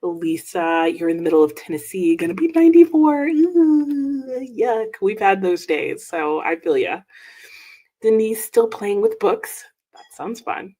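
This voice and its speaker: A woman with a slightly low voice chats casually on a reading livestream, recorded at her home desk. She greets viewers one by one and reacts brightly to their comments with small exclamations. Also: measured pace. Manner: upbeat, reads viewer comments aloud with little exclamations. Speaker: livestream host. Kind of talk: casual live-chat reading stream.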